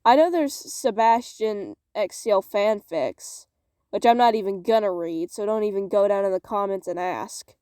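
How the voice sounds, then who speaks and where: A woman's voice: mid-range voice, normal speed, dark tone, clear, resonant tone, no room sound, studio quality. A young woman reading fan fiction aloud and joking about it, sarcastic and swearing, from inside a small closet. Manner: sarcastic, swears, laughs at herself. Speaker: fanfic reader vlogger. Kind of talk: casual reading aloud with commentary.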